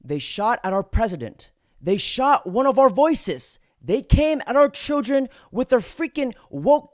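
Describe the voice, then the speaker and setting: Woman host ranting to viewers, bouncy pitch, dry close sound. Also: no room sound. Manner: indignant, emphatic, addresses viewers directly. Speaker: political commentary host. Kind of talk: opinion commentary video.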